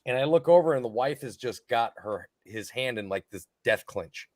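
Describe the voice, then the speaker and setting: A man's voice: mid-range voice, normal speed, no echo, clean studio sound. A man co-hosting a podcast, telling stories in casual banter, swearing freely and acting out what people said. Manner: animated storyteller, swears freely, acts out quotes. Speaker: podcast co-host.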